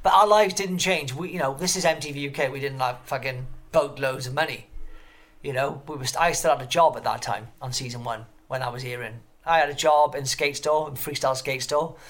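A man telling stories as an interview guest, rambling and excitable, swearing constantly. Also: medium pitch, fairly quick. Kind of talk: casual storytelling interview.

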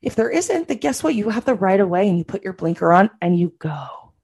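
A woman's voice: medium pitch, sing-song, brisk, creaky, darkish tone, breathy edge. A woman co-hosting a podcast in casual chat, speaking in an emphatic, opinionated way. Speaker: podcast co-host.

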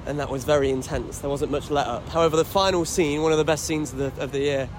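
A man's voice: fairly high pitch, quick pace, noisy background. A man co-hosting a podcast, chatting casually about films and laughing often. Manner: chatty, laughs often, talks through film opinions. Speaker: podcast co-host. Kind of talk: casual chat.

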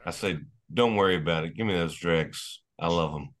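A man's voice: low-pitched, normal speed, fairly bright tone. A man playing a tabletop game in casual role-play, cracking cheeky jokes in character. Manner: wisecracking, cheeky banter. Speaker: player.

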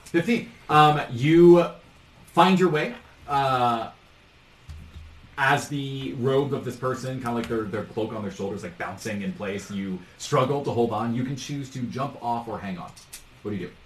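A man acting as game master talks his players through a scene in a relaxed, rambling manner. His voice sits in the middle range. He is picked up in a roomy space some way from the mic, with a faint hiss in the background. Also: medium pitch, moderate pace, far from the mic. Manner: loose, chatty, with frequent ums and laughs. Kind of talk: narrating a tabletop game.

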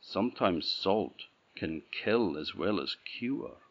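A low-voiced man with an Orcadian Scottish accent fully performs a poor, wise old woman who speaks in earnest, cryptic sayings. He uses lively intonation at a slow pace, and the recording is dull and lo-fi.

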